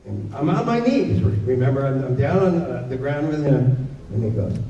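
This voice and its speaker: A man telling a story on a convention stage with dramatic pauses, acting out the voices. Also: medium pitch, sing-song, creaky, warm tone, a little hiss or hum. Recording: echoey convention hall, far from mic, dull.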